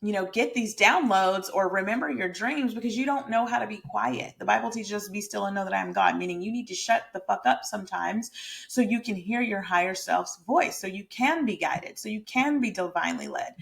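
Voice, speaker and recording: A woman's voice: medium pitch, moderate pace, creaky, fairly bright tone. A woman who also works as a hairstylist, talking casually and emphatically to her viewers as a lifestyle and mindset creator. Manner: chatty, emphatic and motivational, talks straight to viewers. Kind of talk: casual direct-to-camera talk.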